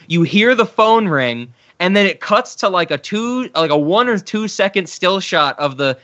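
A man's voice: high voice, expressive, normal speed, a bit bright. A man chatting casually, retelling scenes with laughter and animation. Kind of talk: casual chat. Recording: slightly dull sound.

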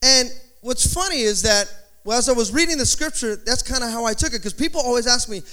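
A pastor preaching a sermon in an animated, conversational way, with joking asides. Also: male voice, very high voice, moderate pace. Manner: slips into playful put-on accents in quotes.

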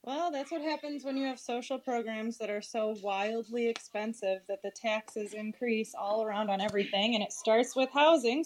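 A woman explains her view firmly and clearly. Her voice is a little high. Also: a little mellow, rough recording. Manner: firm, explanatory.

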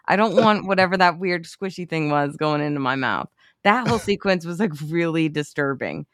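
Podcast co-host, mid-range voice, animated and profane, dry sound. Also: mid-range voice, normal speed, no echo. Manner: animated, swears freely, acts out reactions. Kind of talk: casual movie chat.

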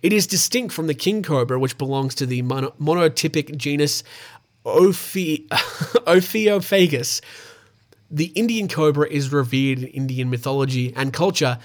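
A man's voice: mid-range voice, brisk, hardly any pauses. A man with an Australian accent hosting a casual show, reading out animal news stories and tossing in swearing asides. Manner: stumbles over names, swears in asides.

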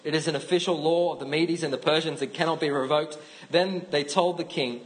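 A man's voice: on the high side, fairly even intonation, a little fast, hardly any pauses, low-quality recording. A man with an Australian accent giving a casual, chatty sermon, with frequent restarts. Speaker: pastor.

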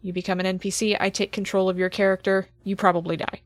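A woman game master narrating a horror tabletop game slowly and dramatically, often dropping to near whispers for suspense. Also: mid-range voice, flat delivery, no echo, clean studio sound.

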